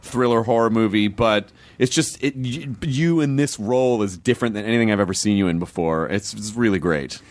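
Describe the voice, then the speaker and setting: A man's voice: lowish voice, fairly quick, hardly any pauses, a little mellow. Joking, enthusiastic male podcast host. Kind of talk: casual chat.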